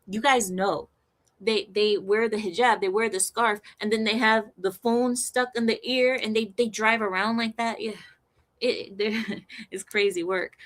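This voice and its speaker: A woman delivering an opinionated, sarcastic commentary monologue, animated and often breaking into laughter. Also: fairly high pitch. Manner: sarcastic, mocking. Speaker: vlogger.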